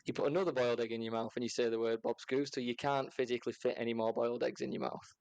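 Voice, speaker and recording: A man's voice: medium pitch, fairly even intonation, fast talker, creaky, a little mellow, clean tone, no room sound, dull audio. Hungover man bantering. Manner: banter-heavy, swears, laughs. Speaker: podcast co-host. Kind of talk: casual chat.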